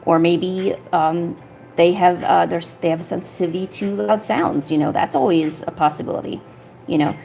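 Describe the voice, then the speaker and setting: A woman's voice: on the low side, normal speed, vocal fry, warm tone. Woman art streamer rambling on while she crafts, lots of "you know" and "like", faint hum behind her. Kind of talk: casual chat while making paper art.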